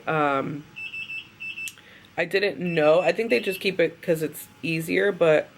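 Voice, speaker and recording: A worn-out young woman rambles through a story in a relaxed vlog, piling on fillers as she goes. Her voice has a gravelly edge. Steady noise sits behind her. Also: sits low, slow pace, long pauses. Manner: chatty, rambling with many fillers. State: tired and drowsy after surgery. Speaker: vlogger.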